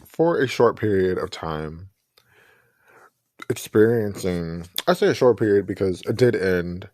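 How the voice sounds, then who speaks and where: A man's voice: low-pitched, expressive, a little slow, a little mellow, no room sound, studio quality. A man hosting his own podcast, talking earnestly and reflectively and often restarting his sentences. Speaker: podcast host. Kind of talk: personal podcast commentary.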